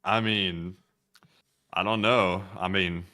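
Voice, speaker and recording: A man with a fairly low yet bright, edgy voice, chatting on a livestream. He talks haltingly, leaning on fillers as he works his thoughts out loud. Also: fairly even intonation. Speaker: co-host. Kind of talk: casual livestream banter.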